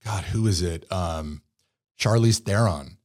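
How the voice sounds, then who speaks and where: Man, young adult, Californian accent, slightly low pitch, relaxed filler-heavy chat. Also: slow. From California Bay Area. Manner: laid-back, heavy use of "like" and "you know". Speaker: actor guest. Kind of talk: casual interview chat.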